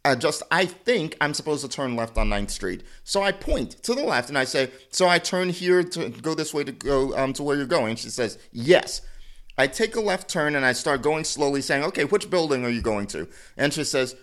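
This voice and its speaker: Lively, animated man telling a story. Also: on the high side, a little fast, hardly any pauses. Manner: animated, laughs often, rambling with restarts. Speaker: podcast co-host. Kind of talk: casual chat, storytelling.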